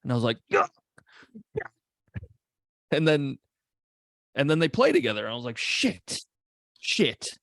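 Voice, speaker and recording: A man co-hosting a casual movie podcast, animated and profane, acting out characters' lines as he talks. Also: mid-range voice, normal speed, long pauses, no echo, clean studio sound. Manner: animated, swears a lot, acts out characters' lines. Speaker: podcast co-host.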